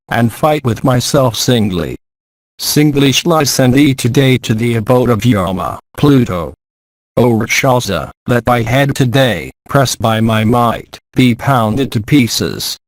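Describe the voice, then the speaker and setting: A man's voice: mid-range voice, no room sound, natural voice. A man reading as a boastful mighty warrior hero. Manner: archaic, declamatory.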